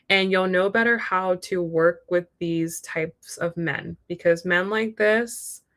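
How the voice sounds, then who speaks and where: A woman's voice: on the low side, a bit bright. A young woman giving a live tarot reading, talking frankly and chatting straight to the viewer, often acting out what people might say. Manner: chatty, frank, acts out quoted voices. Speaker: tarot reader.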